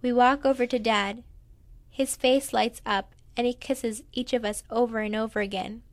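A woman reading a first-person memoir aloud in a plain, quiet storytelling manner. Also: a little high, steady tone, normal speed, no echo. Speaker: narrator.

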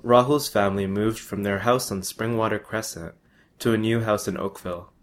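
A young man reads a first-person story aloud, steady and matter-of-fact. His voice sits somewhat low, and the reading stays plain and unadorned. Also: moderate pace.

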